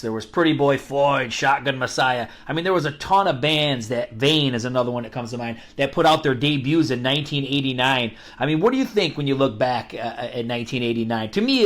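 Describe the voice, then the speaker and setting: Relaxed male podcast host. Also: medium pitch. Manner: relaxed, reassuring, enthusiastic about the era. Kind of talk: casual interview.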